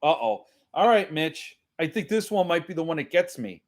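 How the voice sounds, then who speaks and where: A man's voice: on the high side, moderate pace. A man hosting a casual live-stream chat with viewers, rambling and self-mocking, laughing often. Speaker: host.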